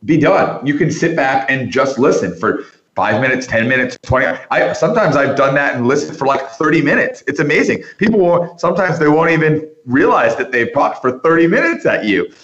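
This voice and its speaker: A man who is a podcast guest, telling a long story with lots of restarts and animated turns. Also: fairly high pitch, brisk, reverberant, muffled recording. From New York area. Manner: animated anecdote-teller with frequent restarts. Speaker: interview guest.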